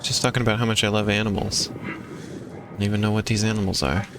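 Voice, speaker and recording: Low-voiced man streaming a game. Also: little pitch movement, fairly quick, background noise. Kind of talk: live game stream commentary.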